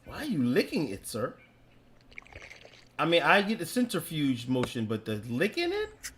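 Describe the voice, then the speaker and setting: A man doing casual live-stream commentary, loud and joking with slangy reactions. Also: fairly high pitch, wildly swooping pitch, normal speed, slight background noise.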